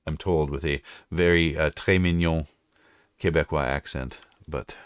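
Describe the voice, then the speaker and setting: Very deep-voiced Canadian man. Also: steady tone, a little slow, clear, resonant tone, no room sound, clean studio sound. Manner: rambling, chatty, drifts into French. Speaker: livestreamer and voice-over narrator. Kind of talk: casual live-stream chat.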